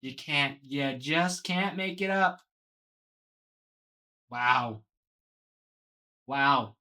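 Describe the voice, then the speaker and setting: A man's voice: medium pitch, extremely slow, sharp tone. A man hosting a live card box break, talking to viewers by name and gushing over each card.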